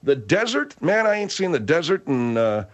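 Male talk radio host, riffing and exaggerating, pitch swings a lot. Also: moderate pace, highs cut off. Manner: animated, riffing, comic exaggeration.

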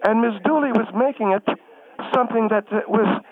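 A man plays a snippy older woman homeowner, high-pitched and indignant. She bickers over everyone and sounds squeezed through a thin phone line. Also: a little fast, natural voice. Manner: huffy, insulting, talks over others.

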